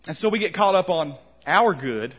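A man preaching a conversational sermon, asking questions and letting his voice drop soft at the ends of lines. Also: fairly high pitch, animated, moderate pace, husky. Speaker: pastor.

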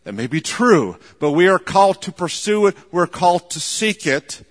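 A man preaching a sermon in a measured, emphatic way, often repeating words for stress. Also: sits high, sing-song. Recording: long hall reverb.

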